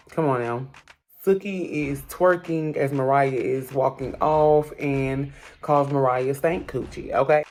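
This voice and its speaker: A woman's voice: a bass voice, a little mellow. A woman hosting a casual, gossipy recap of a reality show, talking straight to her viewers in a sassy voice. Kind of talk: casual chat.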